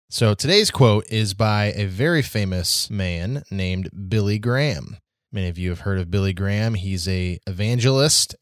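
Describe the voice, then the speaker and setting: A man's voice: fairly low pitch, dry recording, clean studio sound. A man hosting a devotional podcast, speaking in an earnest, encouraging way. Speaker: podcast host.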